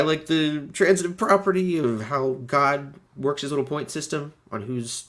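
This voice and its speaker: A man in his thirties from the United States with a stuffy nose, hosting a chatty, animated livestream. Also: on the high side, normal speed, hardly any pauses. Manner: chatty and animated, many fillers. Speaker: host. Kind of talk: casual livestream chat.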